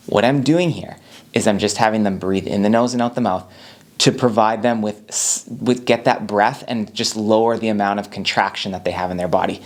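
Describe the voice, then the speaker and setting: Calm reassuring man coaching on anxiety. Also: on the low side, a little hiss or hum. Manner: calm, unhurried, repetitive and reassuring. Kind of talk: casual instructional talk to camera.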